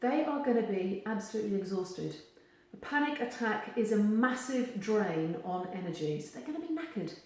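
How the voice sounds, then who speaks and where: A woman gives advice straight to camera, animated and acting out the voices she quotes. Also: medium pitch, normal speed, few pauses. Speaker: therapist giving advice. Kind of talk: direct-to-camera advice video. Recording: very echoey room.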